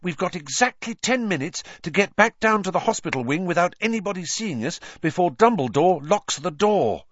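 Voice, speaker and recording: A man's voice: high voice, animated, moderate pace, hardly any pauses, no echo, dull audio, pitched above the performer's own voice. A man voicing an anxious, clever schoolgirl who talks urgently and breathlessly.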